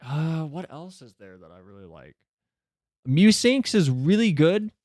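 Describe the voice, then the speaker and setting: A man streaming live, chatting casually and answering questions from his chat, with quick asides that climb higher when he gets flustered. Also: lively intonation, darkish tone, dry recording, studio quality.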